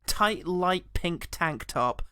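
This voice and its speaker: Bloke laughing through a movie recap, pitch jumps all over, dry close mic. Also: male voice, takes it slowly, dry recording. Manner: giggly, animated storytelling. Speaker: podcast co-host. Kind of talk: casual movie review chat.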